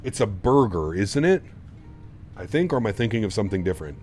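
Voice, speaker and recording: A man's voice: lowish voice, sing-song, brisk, darkish tone, faint music behind. A man streaming a flight simulator, chatting casually with his viewers in a rambling, easygoing way and laughing often. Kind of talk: casual livestream chat.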